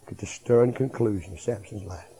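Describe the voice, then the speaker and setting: A middle-aged man preaching a revival sermon, swinging from hushed tones to shouting. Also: fairly low pitch, quick pace, breathy edge, low-quality recording.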